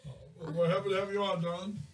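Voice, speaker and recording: A man's voice: high-pitched, flat delivery, racing, a crowd in the background. A man co-hosting a casual radio show, teasing his guest and laughing often. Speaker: radio co-host.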